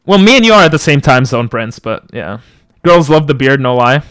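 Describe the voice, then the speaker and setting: A young man streaming from home on a close boom mic, rambling and joking as he answers chat. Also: big pitch swings, moderate pace, a bit bright, clean tone, dry recording. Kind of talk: casual live-stream chat. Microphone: boom mic close to the mouth.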